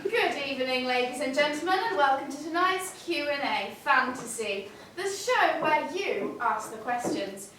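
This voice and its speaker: A young woman playing a game-show quizmaster in a stage sketch, with a bright announcer delivery. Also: high-pitched, expressive, normal speed, few pauses. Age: young adult. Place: student theatre stage. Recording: echoey hall from far off, noisy.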